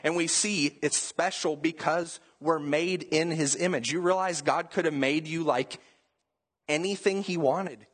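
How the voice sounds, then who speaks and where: A man's voice: fairly high pitch, unhurried, a bit bright, breathy edge, in a large hall. A man preaching a sermon as pastor, talking in a casual, conversational way full of "like". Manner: casual and conversational, with many "like" fillers.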